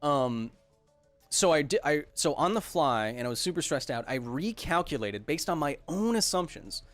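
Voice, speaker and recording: Over faint background music and with no room sound, a man speaks in a fairly high, bright voice with lively intonation at a moderate pace. Hosting a casual livestream Q&A for his science podcast, he's enthusiastic and jokey, reading chat comments aloud and answering them.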